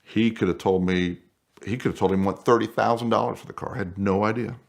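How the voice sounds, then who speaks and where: A man telling a casual anecdote in a lively way. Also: lowish voice, quick pace, gravelly. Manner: animated, acts out voices in quotes. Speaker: guest storyteller.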